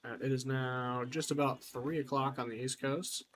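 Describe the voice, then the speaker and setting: A man's voice: medium pitch, fairly even intonation, normal speed, a bit bright. A man giving let's-play commentary, chatty and wry, talking to himself as he explores. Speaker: gamer.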